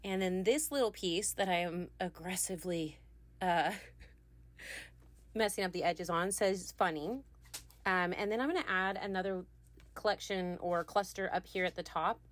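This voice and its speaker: A woman's voice: on the low side, no room sound. A woman, chatting casually with lots of ums while crafting at home. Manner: chatty, frequent ums, laughs lightly. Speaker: scrapbooking video creator.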